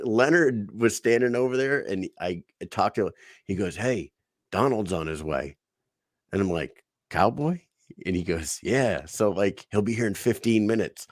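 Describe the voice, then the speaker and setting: Sounding close-miked and completely dry, with no room around him, a deep-voiced podcast co-host chats casually. He cusses freely, tells his story with energy, and briefly imitates whoever he's quoting.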